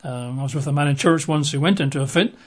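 Middle-aged preacher, conversational Bible teaching, a bit higher voice, lots of 'sort of' and 'um'. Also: male voice, fast talker. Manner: chatty and hesitant, many fillers and 'sort of'.

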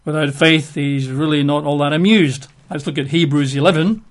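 A man's voice: a little high, fairly even intonation, normal speed. Wry, chatty male preacher. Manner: conversational, wry asides and chuckles while reading scripture. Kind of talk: sermon.

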